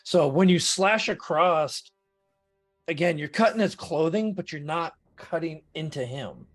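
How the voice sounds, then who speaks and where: A man acting as game master for a tabletop role-playing game, giving rulings and narrating outcomes in a calm, accommodating way. His voice is a little higher than most men's, with faint music underneath. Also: unhurried.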